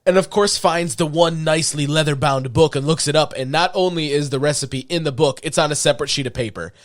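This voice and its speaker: A man on a podcast, recapping a movie in casual chat, laughing often and acting out lines in quick voices. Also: fairly high pitch. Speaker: podcast co-host.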